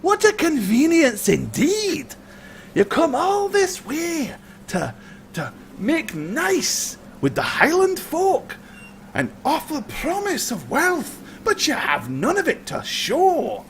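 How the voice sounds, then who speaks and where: A man's voice: extremely high pitch, huge pitch swings, takes it slowly, creaky, a little hiss or hum, pitched above the performer's own voice, exaggerated voice. A man voicing a sly, mocking male bandit in a tabletop game, drawling with mock politeness.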